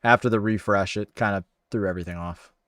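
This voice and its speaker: A man's voice: on the low side, fairly even intonation, fast talker, fairly bright tone, no room sound, clean studio sound. A man hosting a casual livestream, chatting upbeat and friendly as he thanks viewers by name. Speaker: livestream host. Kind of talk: casual chat reading viewer comments.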